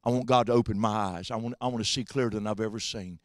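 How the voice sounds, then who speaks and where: A man preaching a sermon as pastor, swinging between quiet asides and shouted exhortations. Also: fairly low pitch, fairly even intonation, fast talker, no echo, clean studio sound. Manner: swings from hushed to shouting, drawling preacher cadence. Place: church sanctuary.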